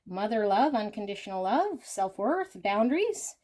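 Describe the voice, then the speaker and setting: A woman doing an intuitive tarot reading for her viewers, earnest and emotional, often sinking to a hushed voice as she talks straight to them. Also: medium pitch, big pitch swings, normal speed. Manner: talks directly to viewers as "you guys". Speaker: tarot reader.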